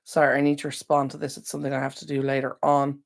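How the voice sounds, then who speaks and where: A very deep, gravelly, monotone voice belongs to an Irish woman running a casual home livestream near a window. She talks quickly, greeting viewers by name amid frequent ums.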